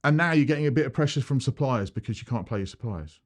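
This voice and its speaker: Male accountant, animated talking-head advice, bouncy pitch, plays out mini dialogues. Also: fast talker. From United Kingdom. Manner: animated, acts out little dialogues with changing voices. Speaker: accountant giving business advice. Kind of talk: direct-to-camera advice video.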